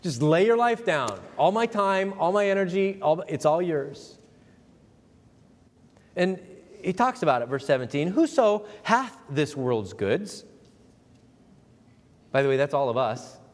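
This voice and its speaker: A fairly high-voiced man preaching to his congregation. He is emphatic and conversational, slipping into playful voices for quotes, and his words carry a long reverb through the church sanctuary. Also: very animated, unhurried, pauses often. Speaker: pastor. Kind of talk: sermon.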